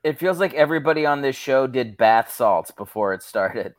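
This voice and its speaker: A man who is a comedian guest on a podcast, musing in a wry, deadpan way with casual swearing. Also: mid-range voice, normal speed, crowd noise.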